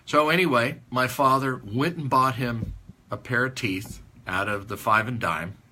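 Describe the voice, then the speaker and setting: Bright-voiced man telling a folksy story. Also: medium pitch, a little slow. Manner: rambling, folksy. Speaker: conference speaker. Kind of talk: anecdotal storytelling talk.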